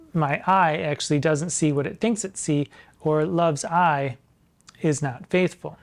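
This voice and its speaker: A man in drag persona giving literary commentary on sonnets, arch and playful, slowing down to recite quoted lines with emphasis. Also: on the high side. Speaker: drag performer hosting a sonnet discussion.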